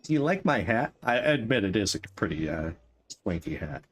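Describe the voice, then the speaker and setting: A man's voice: fairly low pitch, very animated, normal speed, a bit bright, a little hiss or hum. A man streaming a game, playfully chatting to the characters as he plays. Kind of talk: casual gameplay commentary. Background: faint game music.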